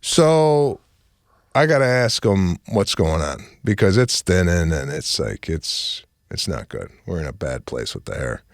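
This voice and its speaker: A middle-aged man hosting a casual comedic chat, telling stories with animated delivery and acting out both sides of each exchange. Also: deep voice, a little slow, vocal fry, dry recording, studio quality. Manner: animated storytelling, acts out exchanges, says "bro". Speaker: comedian host.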